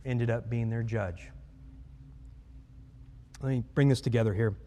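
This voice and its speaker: A man preaching a sermon as pastor, lively, explaining scripture and acting out voices in dialogue. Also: medium pitch. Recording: reverberant hall.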